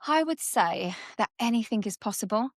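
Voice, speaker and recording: Animated woman coaching in a dry room. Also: fairly high pitch, normal speed, no echo. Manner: animated, acts out little scenes in different voices. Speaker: subconscious coach guest. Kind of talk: conversational coaching chat.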